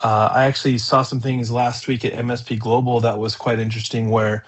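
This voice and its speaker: A man's voice: mid-range voice, flat delivery, fairly quick. Chatty male podcast host. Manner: chatty, rambling with fillers. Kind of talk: casual conversational podcast.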